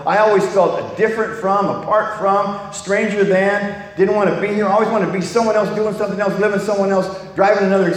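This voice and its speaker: An older man from California telling his life story in a blunt, candid way, swearing freely and often restarting his sentences. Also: high-pitched. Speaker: speaker sharing a recovery story. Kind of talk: personal testimony talk. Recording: echoey hall, long reverb, faint noise.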